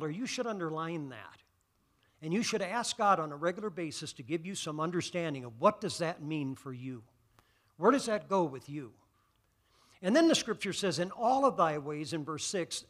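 A male pastor preaching a sermon, quoting scripture slowly and building from calm teaching to loud, fervent exhortation. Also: high voice. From United States. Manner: quotes scripture in slow measured phrases.

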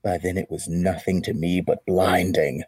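Guy doing a menacing masked villain, slow and grave. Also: deep voice, flat delivery, darkish tone, breathy edge, dry recording.

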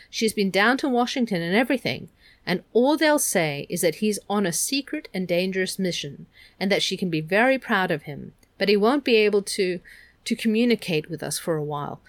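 A woman's voice: medium pitch, no room sound, lightly acted. A woman voicing Meg, a teenage girl who is anxious and tearful, speaking shakily. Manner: shaky, miserable delivery.

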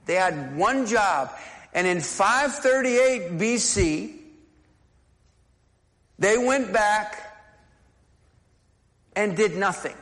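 A man's voice: high-pitched, animated, very slow, pauses often, fairly bright tone, big-room sound. A man preaching a sermon as pastor, talking conversationally and often restarting and repeating words.

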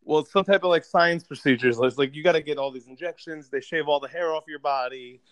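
A man's voice: on the high side, fast, a bit bright, no room sound, rough recording. Profane man rambling through a movie plot. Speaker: podcast co-host. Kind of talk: casual movie recap.

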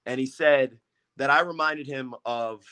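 A man's voice: mid-range voice, a little slow, pushed and bright, clean tone. A man in his thirties, a guest on a casual podcast, joking and mocking himself, swearing freely. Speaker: podcast guest, football quarterback.

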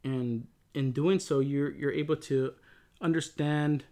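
Reflective man, mid-high voice. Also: steady tone, measured pace, mellow. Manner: rambling, reflective, many restarts. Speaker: co-host talking with his wife. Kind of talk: casual relationship talk.

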